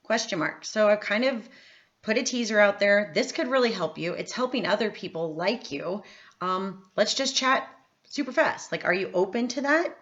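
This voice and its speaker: A woman's voice: medium pitch, animated, normal speed, fairly bright tone. Chatty upbeat woman, lo-fi sound. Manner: chatty, upbeat, lots of fillers and "like". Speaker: network marketing trainer. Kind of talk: casual training talk. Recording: slightly dull lo-fi audio.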